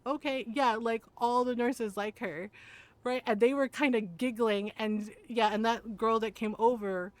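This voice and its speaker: A woman's voice: on the high side, fairly even intonation, measured pace, dry recording. A woman livestream host chatting casually as she tells a story, rambling and filling her talk with "like" and "right?".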